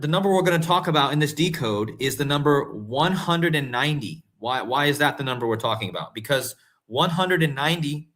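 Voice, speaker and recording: Male host, casual commentary, excitable and emphatic, voice slightly high. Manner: excitable, rising to incredulous emphasis; talks to viewers directly, often calling them guys and folks. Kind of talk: casual conspiracy commentary to camera.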